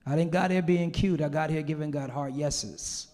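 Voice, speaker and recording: High-voiced pastor preaching, swinging loud and soft. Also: male voice, normal speed, long reverb tail. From Los Angeles, USA. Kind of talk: sermon. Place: large church hall.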